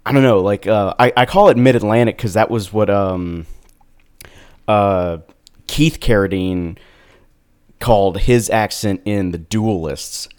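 Guy on a movie podcast, lowish voice, rambly with lots of likes and ums. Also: measured pace, darkish tone, clear, resonant tone. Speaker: podcast co-host. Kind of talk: casual film chat.

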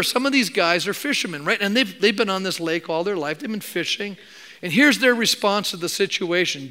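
A male pastor from Canada preaching a sermon in a church, telling stories with lively acted-out quotes and joking with the congregation. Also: high-pitched. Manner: animated storytelling, acts out quoted voices, jokes with the congregation.

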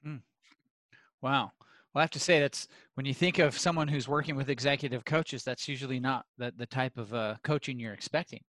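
Man, podcast host, mid pitch, dry sound, reflective casual chat. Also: brisk, fairly bright tone, dry recording.

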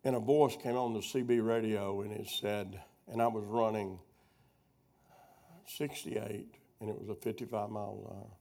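A middle-aged preacher with a gravelly voice tells homespun stories to teach his class. He rambles, wanders off track and circles back to pick up the thread. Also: on the low side, fairly even intonation, moderate pace, darkish tone. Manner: rambling storyteller who loses his thread and doubles back. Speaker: preacher teaching a prophecy workshop. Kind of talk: folksy teaching sermon with personal stories.

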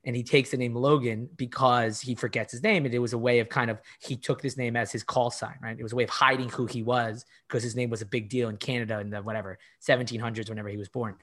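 A man of middle pitch speaks as a life coach guest on a podcast. He tells stories with lively enthusiasm and steps through his points in a casual, conversational way. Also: fast talker, few pauses. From Argentinian and Italian heritage. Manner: enthusiastic, animated storytelling with laughs.

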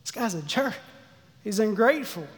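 A man giving a sermon, acting out the characters' pleas with lively energy. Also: high-pitched, moderate pace. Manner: animated, acts out the servant's pleas. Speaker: pastor. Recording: long hall reverb.

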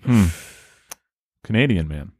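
A man's voice: on the low side, dry recording, clean studio sound. A man hosting a casual comedy podcast, joking around and filling gaps with lots of "uh". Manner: animated, joking, halting with many fillers. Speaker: podcast host.

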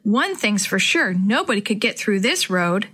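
A woman's voice: medium pitch, very animated, normal speed, a bit bright, husky. A woman reading aloud, voicing a sensible, alert young girl who talks directly.

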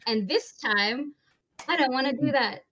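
A woman player chatting excitably at a tabletop game, saying "you know" a lot. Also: sits high, unhurried. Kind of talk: casual chat at a game table. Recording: dull lo-fi audio.

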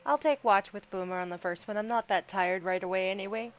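A woman's voice: medium pitch, fast, lo-fi sound. A woman playing a tabletop game, explaining her character's details. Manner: explains rules and character flavor. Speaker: player. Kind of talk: tabletop role-play chat.

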